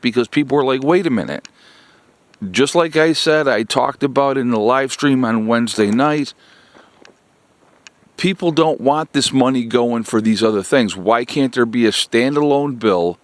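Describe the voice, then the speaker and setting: A man's voice: mid-range voice, no echo. A man giving a blunt, exasperated political rant to his viewers, repeating his points and calling them "folks". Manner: exasperated, repetitive, keeps addressing "folks". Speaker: political commentary vlogger.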